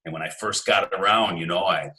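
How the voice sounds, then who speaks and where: A man's voice: deep voice, fairly even intonation, brisk, bright, forceful tone, poor audio. A man guest in a casual interview who tells rambling stories, acts out other people's lines and often restarts his sentences. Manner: rambling storyteller who acts out quoted voices, with many restarts. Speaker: podcast guest.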